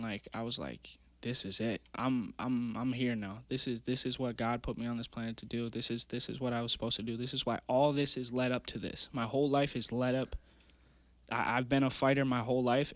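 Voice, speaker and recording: A man's voice: medium pitch, fairly bright tone, no echo. A young man in his twenties, a guest on a podcast, telling his story in a rambling, earnest way full of fillers. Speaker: guest, amateur MMA fighter. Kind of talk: casual storytelling interview. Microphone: podcast mic.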